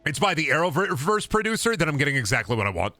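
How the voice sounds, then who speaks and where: A man streaming a video game, chatting casually and profanely with his viewers in an animated way. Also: fairly high pitch, quick pace, no room sound, faint music behind. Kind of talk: casual gaming stream commentary.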